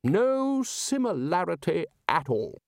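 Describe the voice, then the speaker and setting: A man's voice: high-pitched, big pitch swings, slow, no echo, studio quality, pitched above the performer's own voice, exaggerated voice. A man voicing a bluff, commanding older male wizard who lords it over his colleagues. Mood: blustering. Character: loud blustering older male wizard head.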